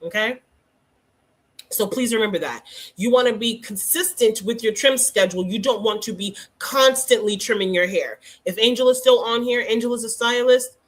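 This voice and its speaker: A woman hosting a casual hair care livestream, teaching and teasing viewers by name in an animated way. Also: on the high side, normal speed.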